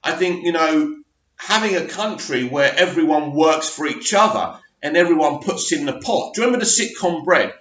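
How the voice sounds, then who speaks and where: A man's voice: a little high, animated, normal speed, fairly bright tone. Rambling man reviewing a film. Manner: rambling, self-correcting with many ums. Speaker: movie reviewer. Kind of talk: casual review monologue. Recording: echoey room, dull lo-fi sound.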